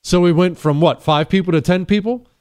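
A man's voice: high voice, a little fast, a little mellow, clear, resonant tone. A man hosting a talk radio show, blunt and sarcastic in his opinionated monologue.

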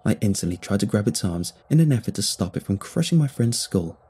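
Low husky male horror narrator. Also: sing-song, brisk, dark tone. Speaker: storyteller. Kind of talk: first-person horror story narration.

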